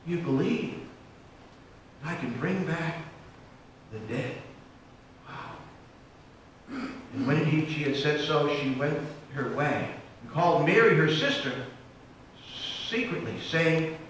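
Pastor, high bright voice, stumbles and restarts a lot, big echoey church, mic far off. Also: male voice, lively intonation, slow pace, long pauses, a little hiss or hum. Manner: impassioned preaching, swings from loud to hushed; frequent restarts and repeated words. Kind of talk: sermon. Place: church sanctuary.

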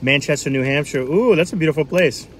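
A man's voice: fairly high pitch, brisk, a little hiss or hum. Chatty New man on a livestream. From New England. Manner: rambling, chatty, lots of fillers. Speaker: livestream food vlogger. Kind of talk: casual live-stream chat.

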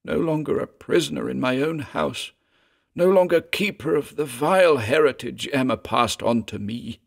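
A man's voice: mid-range voice, normal speed, vocal fry, pitched above the performer's own voice. Man voicing a raving, fevered cursed heir. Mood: faint, spent. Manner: raving wildly, then faint and broken. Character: fevered, terrified male heir of a cursed house.

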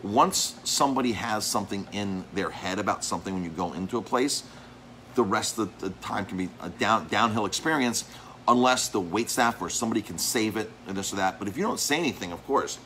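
A man's voice: lowish voice, fairly bright tone, slight background noise, poor audio. A man who owns a restaurant and cooks there, talking casually about reviews of his place, rambling with many restarts and repeated words. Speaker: restaurant owner and chef. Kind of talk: casual talk to camera.

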